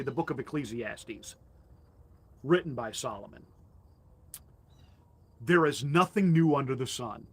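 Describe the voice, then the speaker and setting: A man's voice: a little high, slightly rough. A male pastor delivering a combative, mocking political commentary monologue with emphatic jabs.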